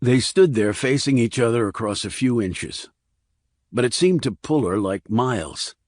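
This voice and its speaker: A man narrating a thriller audiobook in a steady, even reading. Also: mid-range voice, a little slow, no room sound, clean studio sound.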